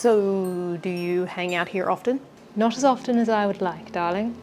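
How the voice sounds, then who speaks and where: A woman's voice: mid-range voice, steady tone, music in the background, natural voice. A woman putting on a posh lady with a vague accent. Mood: posh, affected. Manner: affected, drawn-out, says darling.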